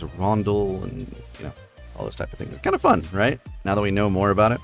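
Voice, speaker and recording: A man's voice: on the low side, animated, fairly quick, creaky, faint music behind. A man hosting a live stream, explaining poetry forms in a casual, rambling way full of fillers. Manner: rambling with many fillers and "right?". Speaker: streamer host.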